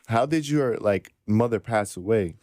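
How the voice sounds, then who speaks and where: A man's voice: fairly low pitch, animated, measured pace, a little mellow, no room sound, clean studio sound. A man talking casually on a podcast in a laid-back, slangy way.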